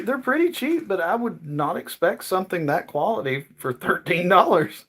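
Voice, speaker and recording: A man hosting a casual livestream, talking to a friend and cooing at his pet in a high sing-song voice. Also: very animated, normal speed, fairly bright tone, rough recording. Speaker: livestream host.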